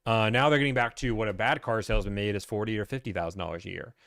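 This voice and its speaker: A man hosting a casual Q&A stream, blunt and ranting, acting out salesmen in quick put-on voices. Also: on the low side, fairly even intonation, a bit bright, no room sound, clean studio sound. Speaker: host answering viewer questions. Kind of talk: casual livestream Q&A.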